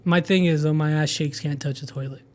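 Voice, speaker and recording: A man with a slightly high voice chats bluntly as a podcast guest. He laughs easily and often restarts his sentences. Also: fairly even intonation, fairly quick, a little mellow. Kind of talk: casual chat.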